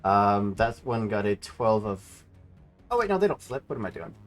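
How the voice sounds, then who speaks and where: A man's voice: on the low side, big pitch swings, normal speed, faint music behind. A man acting as game master, calling out rolls and damage in a matter-of-fact way. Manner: matter-of-fact rules calls. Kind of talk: running a tabletop game.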